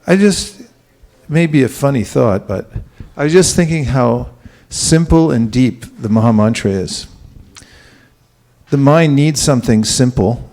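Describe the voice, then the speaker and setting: Gravelly, mellow-voiced man teaching. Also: mid-range voice, unhurried. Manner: relaxed, asks the audience questions, chuckles. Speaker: spiritual teacher giving a class. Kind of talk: conversational sermon.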